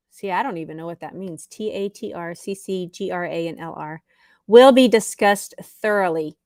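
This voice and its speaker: A woman's voice: medium pitch, clean tone, no room sound. A woman teaching English on a live stream, patiently answering viewers' chat comments. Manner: slow, patient, reads chat comments aloud.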